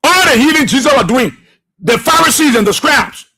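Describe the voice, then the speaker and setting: A Liberian man hosts a radio talk show, hammering his points home with fervent repetition like a preacher. His voice sits high and sounds bright and forceful, with a husky edge. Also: animated, moderate pace. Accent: Liberian English. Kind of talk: political commentary monologue.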